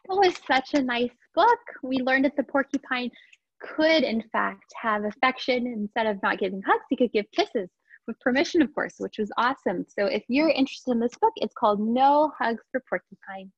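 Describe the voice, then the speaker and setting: A preschool teacher reading picture books aloud in a live storytime, in an encouraging manner. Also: female voice, on the high side, expressive, moderate pace, no room sound, muffled recording. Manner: warm, encouraging, greets children by name.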